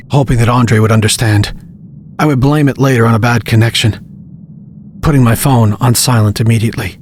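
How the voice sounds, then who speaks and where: A man reads his own horror story in the first person, at an everyday middle pitch. He keeps his delivery tense and hushed, pressing forward as the danger closes in. A faint hiss sits under the voice. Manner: tense, hushed, building urgency. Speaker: narrator and author. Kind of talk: scripted horror story narration.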